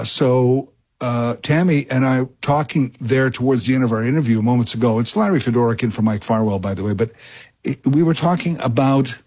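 A man filling in as radio host, chatting and telling a story in a rambling, self-interrupting way that grows animated. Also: medium pitch, husky. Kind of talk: casual radio talk and storytelling.

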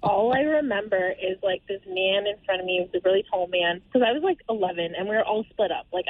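A woman's voice: lowish voice, no echo. A woman calling in to a radio show, telling a story in a rambling way and saying "like" constantly. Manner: rambling, heavy use of "like". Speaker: caller. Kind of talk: casual storytelling on a radio call-in. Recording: phone-line call on radio.

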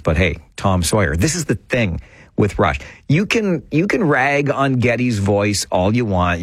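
Guy hosting call-in radio, husky voice, dead dry studio mic, jokey and self-mocking. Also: lowish voice, dry recording. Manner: chatty, self-deprecating, joking. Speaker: radio talk show host. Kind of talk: casual call-in radio chat. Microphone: studio microphone.

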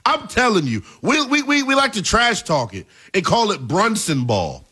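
A young man in his twenties hosts a sports talk show with emphatic, hyped energy. His voice sits high and bright, swinging widely in pitch as he punches his points home. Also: huge pitch swings, normal speed, husky. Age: 20s. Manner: emphatic, hyped, shouting at peaks. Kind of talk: animated sports talk commentary.

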